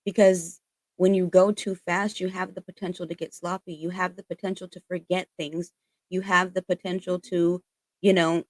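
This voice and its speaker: Woman tarot reader, low-ish voice, earnest, emphatic and profane, casual spiritual reading, dry close sound. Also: darkish tone, no room sound. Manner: emphatic and earnest, swears freely, relays messages.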